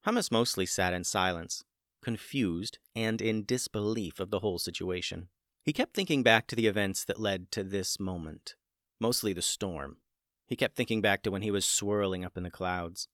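A man narrating a children's story in a gentle storytelling manner, building the excitement through its dramatic parts. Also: lowish voice, normal speed, no room sound, clean studio sound. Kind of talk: scripted narration.

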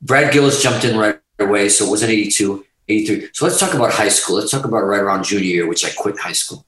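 An excitable middle-aged man spins a long anecdote, swearing constantly and breaking into laughter. His voice sits back from the microphone and rings around a strongly reverberant room. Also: on the low side, quick pace, recorded from a distance. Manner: profane, excitable, laughing storyteller. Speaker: guest guitarist telling a story. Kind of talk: animated storytelling in casual chat.

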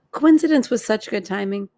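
Gravelly-voiced woman podcast co-host. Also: mid-range voice, expressive, a little slow, a little mellow. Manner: playful, reacts with laughs and gasps, teases her co-host. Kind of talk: casual chat.

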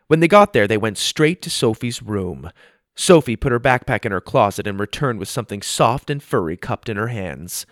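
A man narrating a children's story in an expressive, animated reading style. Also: on the low side, moderate pace, no echo, studio quality.

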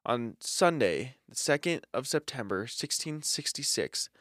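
Young male podcast co-host, animated reader, dry close mic. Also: medium pitch, measured pace, dry recording. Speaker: podcast co-host reading history. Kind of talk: casual podcast chat with read-out history.

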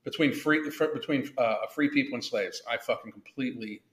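A man's voice: mid-range voice, fairly quick, fairly bright tone, reverberant. A man hosting a casual podcast, blunt and profane, rambling with frequent restarts. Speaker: podcast host.

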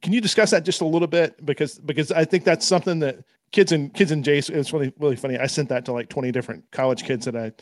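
A man's voice: a little high, quick pace, few pauses, dry recording. Dry-sounding male host, winding questions. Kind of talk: casual interview chat.

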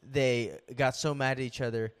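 Young man, podcast co-host, casual chat, laid-back, mid-pitched voice, laughs a lot. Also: steady tone, normal speed, clean tone.

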